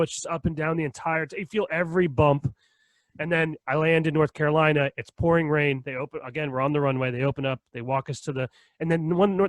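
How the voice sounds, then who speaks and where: Young male podcast co-host, higher pitch, dry close mic, lively profane storyteller. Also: no echo. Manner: animated storytelling, heavy swearing and laughter. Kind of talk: casual chat.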